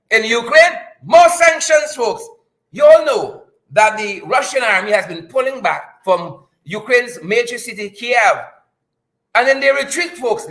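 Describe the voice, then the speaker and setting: Hyped-up Guyanese man, very high voice. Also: a bit bright, low-quality recording. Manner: jokey, repetitive, hyped-up. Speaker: live-stream host. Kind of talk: live-stream news commentary.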